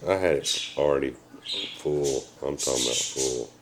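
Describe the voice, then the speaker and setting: A man talking easygoingly at home, often cooing softly in baby talk to a pet. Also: rumbling low, steady tone, normal speed, very noisy. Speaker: father figure in the vlog.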